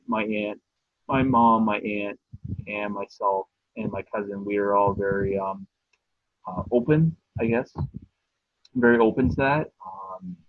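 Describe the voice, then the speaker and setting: Husky young man on a thin phone-like line. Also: on the low side, dry recording. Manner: hesitant, many ums and restarts. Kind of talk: casual storytelling on video call. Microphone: video call. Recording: dry phone-like raspy call audio.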